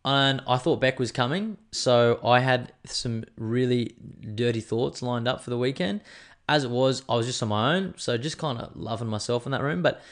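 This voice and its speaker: A man's voice: medium pitch, normal speed. A man hosting a podcast, rambling in a loose, chatty way and swearing freely. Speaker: podcast host. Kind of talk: casual chat.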